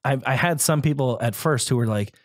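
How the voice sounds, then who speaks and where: A man's voice: medium pitch, brisk, no room sound, clean studio sound. A young man, a comedian guest on a podcast, telling self-mocking stories and laughing through his lines. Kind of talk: casual comedy podcast chat.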